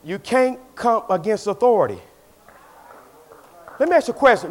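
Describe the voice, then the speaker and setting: A pastor preaching to his church in a high, animated voice. He swings from loud exclamations down to quiet, confiding asides, and his pitch leaps all over the place. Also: moderate pace. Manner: preaching with swings between shouts and hushed asides. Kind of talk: sermon.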